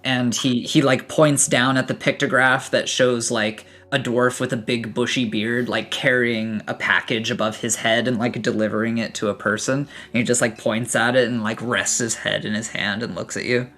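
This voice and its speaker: A man's voice: medium pitch, fairly even intonation, moderate pace, few pauses, pushed and bright. A man running a tabletop game as game master, narrating loosely with many fillers and restarts.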